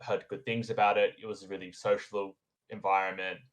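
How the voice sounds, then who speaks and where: A man's voice: sits low, level tone, fairly quick. A young man, a podcast guest chatting casually about graduate life, rambling a little with frequent fillers and restarts. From Australia. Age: young adult. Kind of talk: casual conversation.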